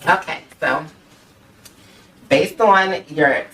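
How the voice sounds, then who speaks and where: An upbeat talk show host running a playful round of questions, teasing her guest and giggling between lines. The voice sits at a mid pitch and sounds a little distant from the mic, with faint noise under it. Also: very slow, fairly bright tone. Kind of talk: casual interview chat.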